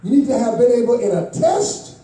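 A man preaches a sermon in a church, with a very high, lively voice. His tone is dark and mellow, and he swings from steady teaching to impassioned shouts. He is heard from a distance in a big, echoing sanctuary. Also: fairly quick. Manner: impassioned, rising to shouts, call and response. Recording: echoey church hall, voice from far off.

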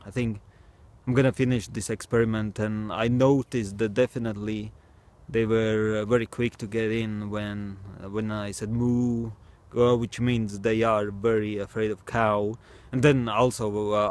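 A man with a soft, mellow tone thinks aloud slowly, filling the gaps with ums and restarts. Now and then he breaks into mooing, barking or meowing. He is outdoors at night, chatting casually to the camera. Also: lowish voice. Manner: hesitant, wondering, with bursts of mooing, barking and meowing. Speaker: vlogger. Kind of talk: casual experiment commentary.

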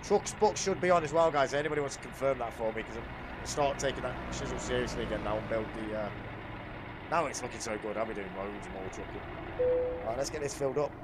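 A man's voice: medium pitch, fast. A man casually chatting to viewers while streaming a truck driving game, swearing freely. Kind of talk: live-stream gameplay chat. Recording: loud game engine noise behind.

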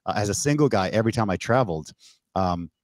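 A man from Canada, a podcast guest, telling a story in casual, animated talk over a remote call, swearing and acting out the exchanges he quotes. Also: fairly low pitch, quick pace, no room sound. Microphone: remote call mic.

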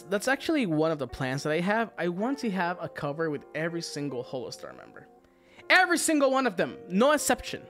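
A man chatting casually on a livestream, excitable and quick to laugh, swearing freely between thanks to viewers. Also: fairly high pitch. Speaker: virtual idol streamer.

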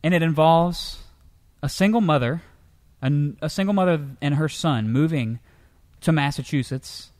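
This co-host of a comedic show about news stories spins his tales in a lively, animated way at a moderate pace. When he voices characters, he leaps up into a high pitch.

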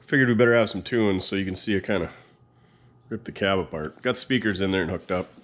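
A man's voice: low voice, quick pace, a bit bright. A man hosting a truck build video, chatting casually and joking with viewers as he works. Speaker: mechanic and video host.

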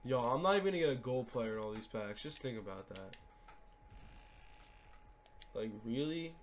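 A young man giving gaming commentary as he opens card packs, swinging between hyped shouts and deflated mumbling. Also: mid-range voice, lively intonation, moderate pace, a little hiss or hum. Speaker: gaming YouTuber. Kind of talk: pack-opening commentary.

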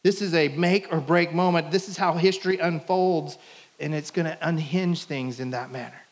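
A man's voice: on the high side, moderate pace. Playful conversational male preacher. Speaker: pastor. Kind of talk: sermon. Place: church sanctuary.

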